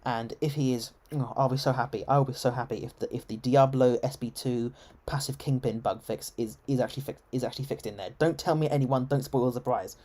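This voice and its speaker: A man's voice: mid-range voice, steady tone, a little fast, few pauses, a little mellow. Chatty English man with an RP accent. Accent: English, received pronunciation. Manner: chatty, rambling, many ums and restarts. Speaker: game streamer. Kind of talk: live gameplay commentary.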